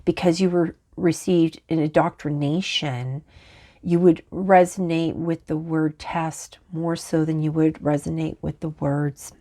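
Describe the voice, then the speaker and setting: Lower-voiced woman, rambling channeler. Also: flat delivery, dark tone. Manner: halting, rambling, talks back to unseen spirits. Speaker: spiritual channeler. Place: lives in Canada.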